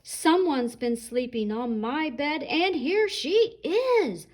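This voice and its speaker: A woman's voice: high-pitched, lively intonation, slow pace, a little hiss or hum, voice pushed up. A woman doing a wailing baby rhino.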